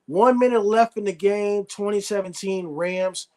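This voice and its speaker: Young male streamer, high-pitched, excitable, argumentative live watch-along commentary. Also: measured pace. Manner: excitable, argumentative, reads chat aloud.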